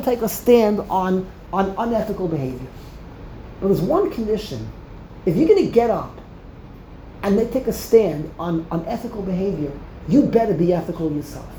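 Animated woman giving a Torah talk. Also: a little high, normal speed, a little hiss or hum. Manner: emphatic, repeats phrases for stress. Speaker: Torah teacher. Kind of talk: Torah lecture. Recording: roomy echo.

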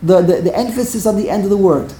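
A woman's voice: medium pitch, fast talker, mellow, slight background noise. A woman teaching a Torah grammar class, emphatic and repeating words while she corrects pronunciation. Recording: echoey room.

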